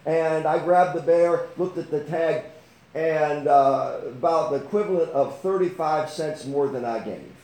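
An older man preaching from his own life, his voice set high for a man. He stops and restarts with plenty of fillers, then swells into fervent outbursts. The sound carries a roomy echo. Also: unhurried, a little mellow. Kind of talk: testimony sermon.

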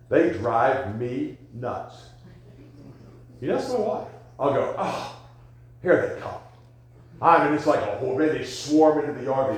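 Folksy preacher man in an echoey church. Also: medium pitch. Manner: folksy storytelling preacher, rising to loud emphatic questions. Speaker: pastor. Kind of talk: sermon. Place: church sanctuary.

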